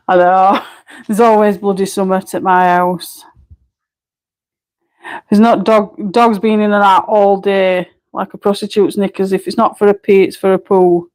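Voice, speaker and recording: A woman from Barnsley with a Barnsley Yorkshire accent, chatting casually on a colouring live stream at home, blunt and quick to laugh, with mild swearing. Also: mid-range voice, steady tone, low-quality recording. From Barnsley, England. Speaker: colouring livestreamer.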